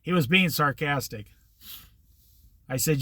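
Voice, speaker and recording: In a dry recording, an older host with a high-pitched, sharp voice spins a lengthy, meandering story from his own life, unhurried but very animated. He plays out both sides of past conversations as he goes.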